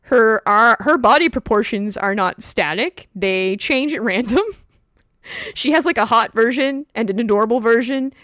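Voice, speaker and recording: A woman's voice: mid-range voice, no echo, studio quality. A woman hosting a livestream, chatting casually and telling stories with lots of laughter. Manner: laughs often, animated storytelling. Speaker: streamer host.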